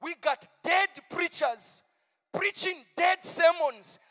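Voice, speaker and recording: Preaching at a campmeeting, a male pastor speaks in an extremely high voice that trails off into a long reverb tail. He moves from hushed side remarks to drawn-out, shouted declarations.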